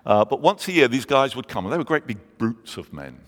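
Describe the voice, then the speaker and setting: A man, preaching a sermon and telling stories, slowing down for emphasis. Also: mid-range voice, big pitch swings. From England. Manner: earnest storytelling, slows down for emphasis. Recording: long reverb of a large hall.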